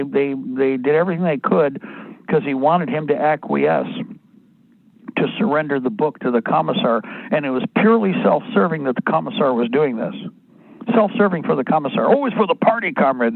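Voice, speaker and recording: A man's voice: on the high side, gravelly, no echo. A man hosting a talk radio show, rambling and blunt, often restarting his sentences, crude at times. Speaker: radio host. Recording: dry, tinny phone-like sound.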